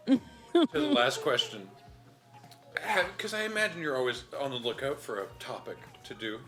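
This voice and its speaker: A man hosting a casual chat on a charity stream, telling stories in an animated, chatty way and laughing easily, sometimes talking with his mouth full. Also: medium pitch, normal speed, faint music behind. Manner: talks while eating. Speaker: host.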